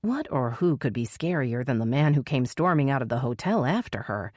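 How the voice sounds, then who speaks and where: A woman's voice: fairly quick, no room sound, clean studio sound. A woman voicing a determined female police officer in an audiobook, speaking earnestly and soothingly. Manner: earnest, steady, low and soothing.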